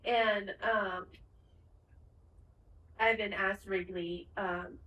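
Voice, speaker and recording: A woman co-hosting a podcast in casual chat, retelling a TV finale with lively acted-out lines and plenty of swearing. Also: mid-range voice, takes it slowly, long pauses, reverberant, recorded from a distance, slight background noise, poor audio. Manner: animated retelling, acts out the characters' lines, swears freely. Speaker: podcast co-host.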